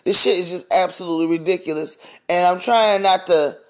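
A man's voice: high-pitched, brisk. A man hosting a podcast, speaking in a blunt, profane, heated monologue rant. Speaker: podcast host. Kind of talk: ranting monologue.

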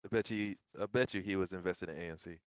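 Low-voiced young dude on a podcast, dry teasing jokes, super dry sound. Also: male voice, fast, clear, resonant tone, dry recording. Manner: dry, teasing, laid-back. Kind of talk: casual podcast banter.

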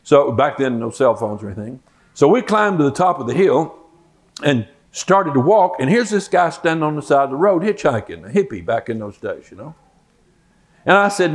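A man's voice: fairly high pitch, big pitch swings, moderate pace. An older man, a Bible teacher, telling a folksy personal story in a sermon and acting out the quoted lines.

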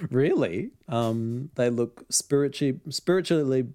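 A man's voice: mid-range voice, unhurried, warm tone. A man casually retelling a story as podcast host, with frequent ums and laughs. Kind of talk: casual chat.

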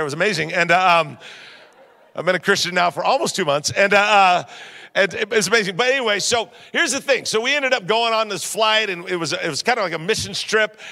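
Man preaching, high gravelly voice, long hall echo. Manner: upbeat, joking, lively storytelling. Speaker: pastor. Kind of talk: sermon. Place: church hall.

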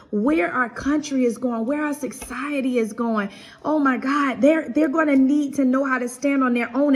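A middle-aged woman hosting her own podcast, giving an earnest, preacherly devotional talk and often repeating and restarting her phrases. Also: high voice. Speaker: podcast host giving encouragement.

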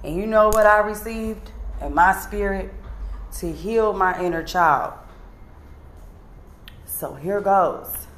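A woman's voice: medium pitch, takes it slowly, pauses often, a bit bright. A woman with a mid-range voice, talking straight to camera in a confessional monologue. She sounds emotional and earnest. Her speech is blunt and plain, with the odd curse word. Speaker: vlogger.

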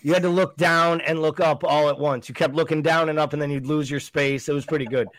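Co-host: man, slightly high voice, wry, dry close mic. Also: steady tone, fairly quick, a bit bright, dry recording. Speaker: podcast co-host. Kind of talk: casual football fan chat.

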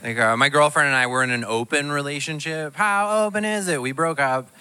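A man's voice: fairly high pitch, brisk, clear, resonant tone. Self-mocking stand-up comedian man. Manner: self-deprecating, animated storytelling.

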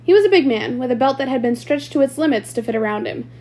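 A woman's voice: sits high, expressive, quick pace, warm tone. A woman reading a novel aloud chapter by chapter, with small slips and restarts. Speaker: audiobook reader.

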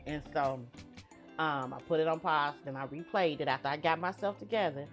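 Middle-aged woman host, chatty monologue, lowish voice. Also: fairly quick, faint music behind. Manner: chatty, addresses listeners as y'all. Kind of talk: casual monologue.

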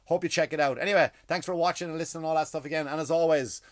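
A man's voice: a little high, steady tone, racing, dry recording, studio quality. A male comedian hosting a podcast, talking in a rambling, profane monologue that often stops and restarts mid-sentence.

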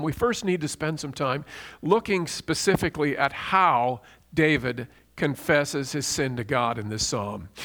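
A man delivers a sermon in an earnest, teaching voice that sits a little higher than most men's. He leans hard on key words and slows right down to stress a repeated phrase. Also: a bit bright. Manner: earnest, emphatic teaching with slow stressed repetitions. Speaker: preacher.

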